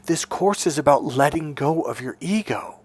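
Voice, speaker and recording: A man's voice: a little high, expressive, normal speed, breathy edge, no room sound. Blunt, profane middle-aged male coach. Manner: blunt, profane, storytelling with acted-out voices. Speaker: dating coach. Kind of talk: instructional monologue.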